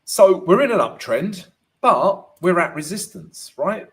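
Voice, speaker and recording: Unhurried man with a lively, bouncing voice. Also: high-pitched. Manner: peppers talk with "right?" and "you know"; chatty, greets viewers by name. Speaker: forex trading analyst and host. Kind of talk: live stream chart analysis and Q&A.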